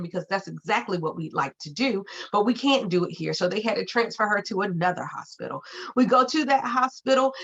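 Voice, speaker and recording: A woman speaks earnestly to an online audience, telling a story from her own life and repeating key phrases for weight. Her pitch sits in an ordinary middle range. The sound is slightly muffled and lo-fi, like a video call. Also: fairly bright tone. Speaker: keynote speaker. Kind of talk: personal story in a keynote talk. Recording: muffled lo-fi audio.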